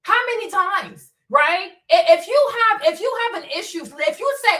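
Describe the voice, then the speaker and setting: Woman streamer, high voice, bright tone, rhetorical questions, repeats herself, casual swearing, a bit far from the mic. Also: lively intonation, normal speed. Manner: emphatic, repetitive, rhetorical questions; casual, swears, addresses viewers directly. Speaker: commentary show host. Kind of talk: livestream commentary. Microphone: streaming setup mic.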